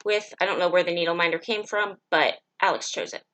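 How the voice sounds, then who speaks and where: A woman co-hosting a casual show-and-tell chat, playful and excitable, joking as she goes. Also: lowish voice, brisk, a little hiss or hum. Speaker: co-host.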